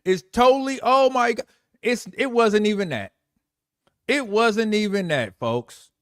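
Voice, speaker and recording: A man hosts a live online show and comments on a video as it plays. His voice sits high, animated and full of jokes, and he talks directly to the viewers. The mic sound is dry and close. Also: measured pace, dry recording. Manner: animated, joking, talks to viewers as y'all and folks. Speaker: livestream host. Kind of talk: live commentary on a played clip.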